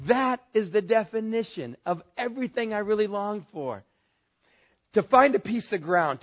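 A male pastor preaching a sermon in an emphatic, conversational way, telling the story with animation. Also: sits high. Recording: dull lo-fi sermon recording.

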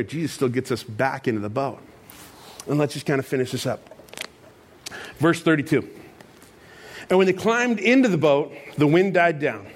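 A man preaching a sermon in a conversational, animated storytelling style with casual asides. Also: mid-range voice. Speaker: pastor.

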